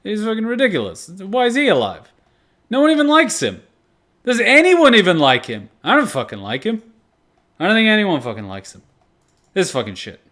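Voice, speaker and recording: A young man hosting an anime reaction video, chatting casually with plenty of swearing and sudden loud outbursts. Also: high-pitched, moderate pace. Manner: profane, animated, breaks into loud outbursts.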